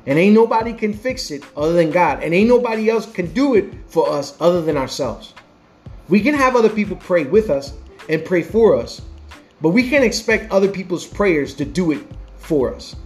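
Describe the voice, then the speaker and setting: A man's voice: sits high, lively intonation, normal speed, darkish tone, faint music behind. A man giving a conversational sermon with passion and lots of repeated phrases. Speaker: preacher. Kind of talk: casual sermon.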